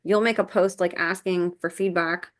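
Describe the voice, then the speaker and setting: A woman hosts a casual podcast interview in a fairly low voice. She is encouraging and appreciative toward her guest. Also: steady tone, normal speed. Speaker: podcast host.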